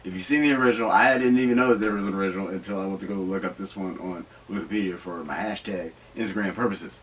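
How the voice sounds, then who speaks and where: A man hosting a podcast, rambling excitedly and swearing through casual riffs. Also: sits low, quick pace, far from the mic, a little hiss or hum, rough recording. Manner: excitable, profane, rambling with asides. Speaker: podcast host reviewing movies. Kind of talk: casual riffing commentary.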